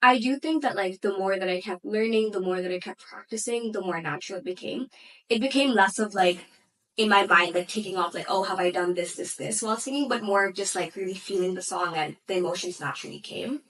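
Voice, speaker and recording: A woman's voice: mid-range voice, fairly quick, a bit bright, recorded from a distance, poor audio. Young woman singer speaking a bit off-mic. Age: young adult. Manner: thoughtful, many "like" and "you know" fillers. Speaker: interviewee, opera singer and student. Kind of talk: casual interview answers.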